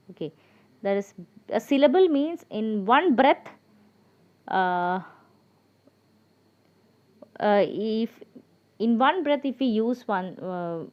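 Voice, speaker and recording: A woman's voice: medium pitch, darkish tone, highs cut off. Woman teacher spelling out words patiently. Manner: patient, spells out words letter by letter, many fillers. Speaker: English teacher. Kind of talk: explaining grammar lesson.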